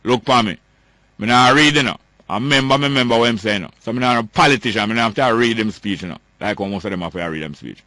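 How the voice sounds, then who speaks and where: Jamaican male host, ranting political commentary, low-pitched, repeats himself for emphasis. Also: fast talker, pushed and bright, no room sound. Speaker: talk show host.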